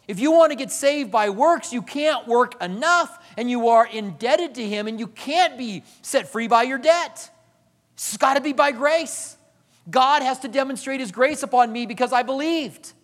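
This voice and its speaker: A man preaching a sermon as pastor, animated, acting out quoted voices and swinging from loud to hushed. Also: extremely high pitch, long reverb tail.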